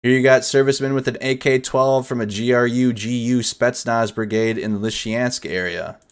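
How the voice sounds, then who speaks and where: A man hosting a nightly war update live stream, commenting over footage in a casual, energetic, chatty way. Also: mid-range voice, moderate pace, smooth.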